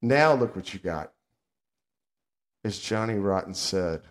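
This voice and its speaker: A man's voice: sits low, expressive, slow pace, pauses often. An older man, co-hosting a casual podcast and ranting bluntly and sarcastically. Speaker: podcast co-host.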